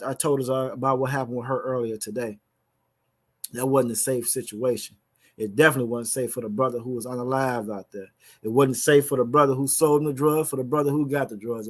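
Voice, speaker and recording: Teaching a brotherhood Bible class, a man preaches in a voice of ordinary middle pitch. His verse reading is slow, and he frequently repeats words while locating his place.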